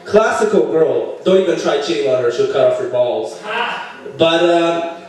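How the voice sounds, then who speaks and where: High-voiced male comic in an echoey club. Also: lively intonation, normal speed, a little mellow. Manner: crude storytelling, acts out characters with jumpy pitch. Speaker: stand-up comedian. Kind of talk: stand-up set. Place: comedy club stage. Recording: very echoey room, voice from far off the mic.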